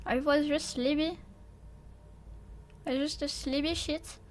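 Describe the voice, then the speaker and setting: A woman's voice: sits high, fairly even intonation, takes it slowly, slight background noise. A woman with a French accent giving live gameplay commentary as a streamer, jumpy and stammering, swearing and laughing often.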